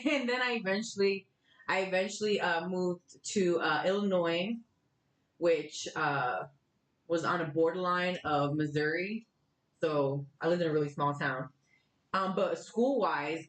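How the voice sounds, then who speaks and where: A young woman from Florida, a podcast guest telling stories in casual chat, candid and animated, swearing now and then. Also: on the low side. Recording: echoey room.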